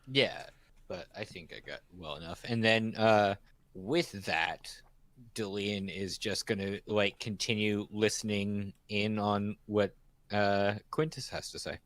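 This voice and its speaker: A man talking as a tabletop player in a relaxed, chatty way. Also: lowish voice, takes it slowly, dry recording. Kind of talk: tabletop role-play.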